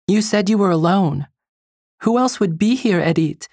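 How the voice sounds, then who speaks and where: The reader voices a shaken, blunt young woman in a storybook, her lines high and tight. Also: expressive, normal speed, a little mellow, no room sound, studio quality. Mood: accusing.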